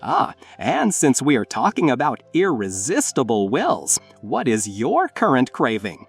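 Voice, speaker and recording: A narrator reading a scripted English lesson in a lively, emphatic explaining manner. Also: mid-range voice, measured pace, vocal fry, husky, faint music behind. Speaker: English teacher.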